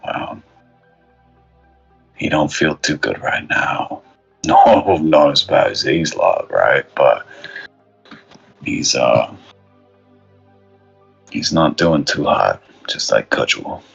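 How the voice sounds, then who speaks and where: A man voicing a shifty male cart hauler with a low, soft Cockney voice. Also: sing-song, slow pace, gravelly, pauses often, slightly rough, lo-fi sound, soft background music, exaggerated voice.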